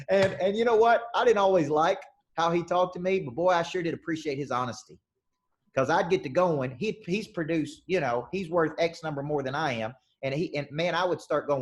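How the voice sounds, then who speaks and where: A man running a live sales coaching session, talking in an energetic, punchy way and repeating questions for emphasis. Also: a little high, brisk. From southern United States.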